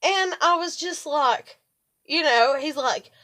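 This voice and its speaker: A middle-aged woman rambles to camera in a casual, profane vlog. Her voice sits a little high, and she grows loud and animated when she retells a quarrel. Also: slow. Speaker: vlogger.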